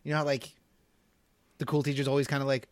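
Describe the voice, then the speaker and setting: A man's voice: mid-range voice, little pitch movement, fast talker, dry recording. A man who teaches school, co-hosting a podcast and telling a rambling story in casual chat. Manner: rambling, hedging with many fillers.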